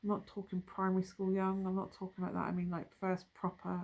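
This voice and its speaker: A woman's voice: fairly low pitch, flat delivery, brisk, creaky, darkish tone. A woman doing a casual tarot reading, musing and thinking aloud as she turns over cards, with trailing asides. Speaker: tarot reader.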